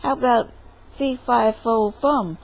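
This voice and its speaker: A woman's voice: a little high, steady tone, slow, creaky, heavily acted, low-quality recording. A woman voicing a cheeky, whiny young man who talks back with sassy remarks.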